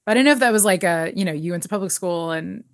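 A woman's voice: lowish voice, racing, dry recording, clean studio sound. A woman co-hosting a casual podcast, chatting with lots of fillers, recapping a TV episode and reading an article aloud. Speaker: podcast co-host.

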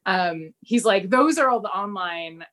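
A young woman chatting casually as a podcast co-host, retelling a TV episode. Her voice swings widely in pitch as she acts out the characters' lines. She talks with lots of energy. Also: animated, unhurried, fairly bright tone. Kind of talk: casual chat recapping a TV episode.

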